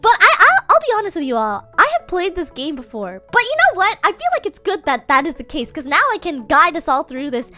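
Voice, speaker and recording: A woman's voice: high voice, sing-song, fairly quick, hardly any pauses, bright, forceful tone, faint music behind. A young woman streaming from home at a desk microphone, chatting casually and in a bubbly, giggly way as she thanks her viewers. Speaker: VTuber streamer. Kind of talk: casual live-stream chat.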